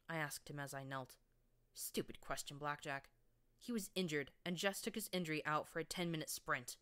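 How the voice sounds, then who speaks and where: A woman's voice: deep voice, normal speed, fairly bright tone, clean tone. A woman reading a fan fiction audiobook in the first person, with a wry, sardonic tone. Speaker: audiobook narrator.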